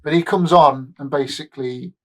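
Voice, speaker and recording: A man's voice: a little high, normal speed, fairly bright tone. A man co-hosting a podcast in casual chat, rambling through anecdotes and trailing off mid-sentence. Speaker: podcast co-host.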